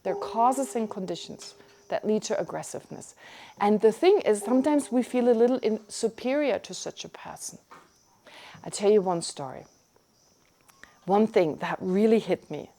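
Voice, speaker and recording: A middle-aged woman from Germany, giving a Buddhist teaching and telling a personal story in an animated way with frequent restarts. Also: mid-range voice, moderate pace, a little hiss or hum. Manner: animated, restarts often, acts out her own shock.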